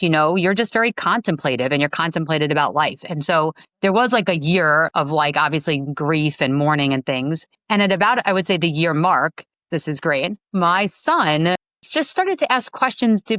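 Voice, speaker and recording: A woman in her forties from Long Island, New York, telling her story as a podcast guest in a lively, chatty way, full of fillers. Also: deep voice, no echo. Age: 40s. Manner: animated, acts out quoted dialogue, many fillers. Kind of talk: casual storytelling interview.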